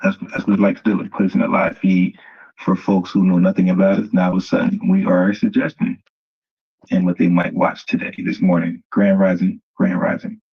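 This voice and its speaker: A man hosts a casual livestream and mocks the clip he is reacting to as he turns to his viewers. His voice is low and husky. The audio is a bit dull and muffled. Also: flat delivery, fairly quick. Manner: mocking, talks straight to viewers as "family". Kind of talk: casual live commentary.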